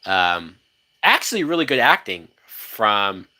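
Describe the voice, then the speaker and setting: An excitable man talks through a film as it plays, swearing freely and breaking into laughter. He jumps between thoughts and restarts his sentences, in loose, chatty commentary. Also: medium pitch, measured pace. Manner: animated, profane, laughs often, many restarts. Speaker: movie reaction host. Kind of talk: casual live-watch movie commentary.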